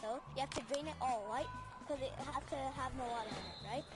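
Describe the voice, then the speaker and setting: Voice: sits high, quick pace. A player in casual game chat, bossily explaining tricks to friends over a game mic. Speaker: gamer. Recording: loud game music behind.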